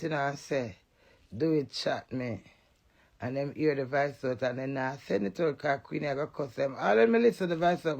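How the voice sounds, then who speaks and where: A Jamaican woman in a defiant, emotional live rant, cursing and repeating phrases in a chant. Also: low voice.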